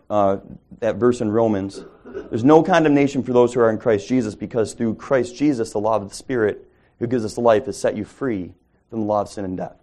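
A man with a warm, mellow voice teaches a small Bible study group. His delivery is conversational and relaxed, often pausing to ask his listeners questions and restating his words mid-sentence. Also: medium pitch. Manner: conversational, asks the group questions, self-corrections.

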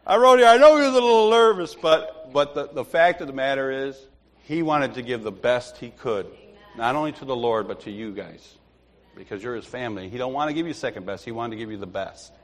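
Inside a church sanctuary with long hall reverb, a lay preacher gives an informal teaching in a brisk, expressive, mid-range voice. He tells anecdotes, laughs frequently, and plays the characters in his stories.

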